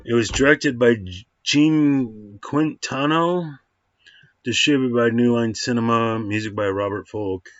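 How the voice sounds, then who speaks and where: A man's voice: mid-range voice, unhurried, dry recording, highs cut off. A man rambling through a casual film review at home, full of fillers and restarts. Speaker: movie reviewer.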